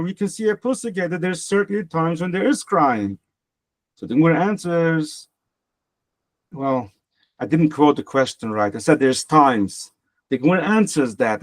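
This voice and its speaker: A man teaching a Talmud lesson in casual style, translating the text phrase by phrase and explaining with examples. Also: a little high. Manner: translates phrase by phrase, repeats words, explains with parables.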